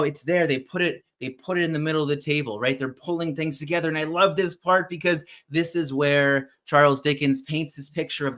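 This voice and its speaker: A man hosting a casual live show, retelling a favorite story in an animated, chatty way with some offhand swearing. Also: medium pitch. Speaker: podcast host.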